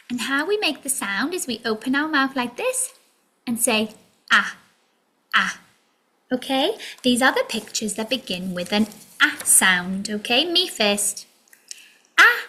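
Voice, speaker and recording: A woman's voice: on the high side, a bit bright. A woman teaching a children's phonics lesson in a sing-song way, drawing out letter sounds and slipping into whispered asides.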